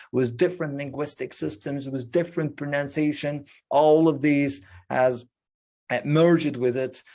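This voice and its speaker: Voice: medium pitch, a little mellow. An English speaking teacher giving an online pronunciation lesson, explaining step by step with rhetorical questions and drilling each sound over and over. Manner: slow and deliberate, drilling sounds with many repetitions.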